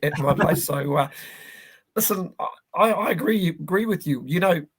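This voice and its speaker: A man joins a sports chat from his home over an online call. His voice sits a little high, and his easygoing talk keeps doubling back on repeated words. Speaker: co-host.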